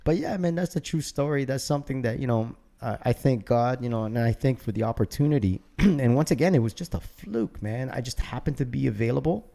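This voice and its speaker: A man in his fifties with a Canadian accent, a guest DJ telling stories in casual chat, animated and full of "man" and "you know". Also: medium pitch, a little fast, gravelly, hardly any pauses. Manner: animated storyteller, peppers talk with "man", "bro", "you know".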